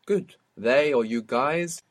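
A man with a slightly husky voice leads a spoken language lesson. He asks his student short questions and answers with brief praise, in a patient, steady manner. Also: medium pitch, slow pace. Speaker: language teacher.

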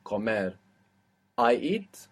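A man's voice: fairly low pitch, big pitch swings, extremely slow, breathy edge. A man teaching a language lesson, explaining step by step and quizzing his student.

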